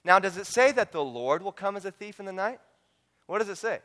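A man's voice: high-pitched, lively intonation, a little fast, a bit bright. A man preaching a sermon through a Bible study guide, emphatic, repeating words and calling out to his congregation. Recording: long reverb of a large hall.

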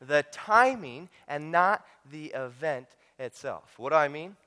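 A man's voice: fairly high pitch, lively intonation, measured pace, pushed and bright, smooth. A man preaching a sermon through a Bible study guide, emphatic, repeating words and calling out to his congregation. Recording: long reverb of a large hall.

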